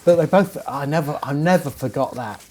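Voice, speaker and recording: Middle-aged man, guest shoemaker, casual storytelling, lively anecdotal delivery. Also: a little high, brisk.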